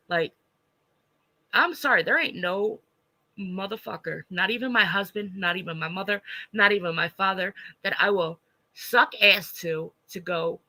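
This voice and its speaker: Blunt, bright-voiced woman ranting with gravelly fry. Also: medium pitch, rough recording. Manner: blunt and profane, heated, reads chat aloud. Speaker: livestreamer reacting to online drama. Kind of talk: ranting livestream commentary.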